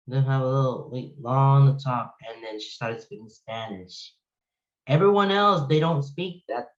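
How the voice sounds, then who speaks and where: A man's voice: medium pitch, darkish tone. Man reacting aloud, dull lo-fi sound. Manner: musing aloud with exclamations and puzzled questions. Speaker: reaction video host. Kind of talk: reading and reacting to creepy stories.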